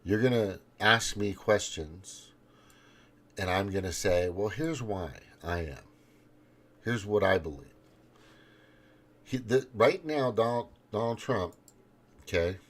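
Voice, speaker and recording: A man's voice: lowish voice, takes it slowly, pauses often. A man hosting his own podcast in a rambling, profane monologue full of restarts. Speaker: podcast host.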